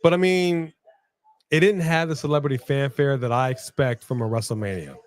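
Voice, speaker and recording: A man's voice: mid-range voice, brisk. A man co-hosting a casual live stream, reading viewer comments and laughing often. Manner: laid-back, laughs often, repeats phrases. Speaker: co-host of a wrestling watch-along stream.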